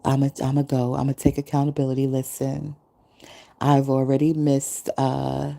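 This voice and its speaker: A woman's voice: very deep voice, moderate pace, vocal fry. A woman in her forties hosting a podcast, talking casually and acting out quotes as she tells a story. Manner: animated storytelling, acting out others' quotes, frequent laughter. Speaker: podcast host. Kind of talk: casual monologue. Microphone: podcast mic.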